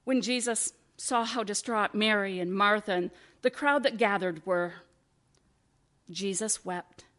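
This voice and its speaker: A woman pastor giving a sermon, with slow, expressive preaching and rhetorical questions. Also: medium pitch.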